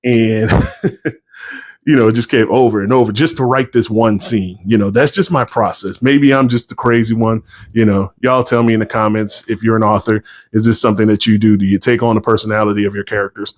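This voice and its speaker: A man's voice: fairly low pitch, fairly even intonation, fairly quick, no room sound. A man, a novelist, chatting casually to viewers on a livestream, rambling and tired.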